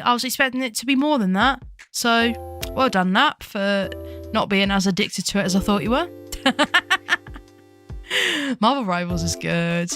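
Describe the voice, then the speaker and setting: A young woman chatting casually on a live stream, rambling from topic to topic, giggling often and greeting her chat excitedly. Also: mid-range voice. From United Kingdom. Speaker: VTuber streamer.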